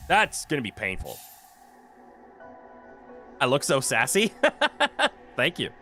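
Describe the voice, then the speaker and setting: A man chatting while he streams a game, his voice bright and sharp-edged and bouncing all over his range. He cracks jokes, swears freely and laughs often. He speaks into a desk mic with a noise canceller. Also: medium pitch, big pitch swings, slow, soft background music. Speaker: streamer playing a video game. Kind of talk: casual live-stream commentary.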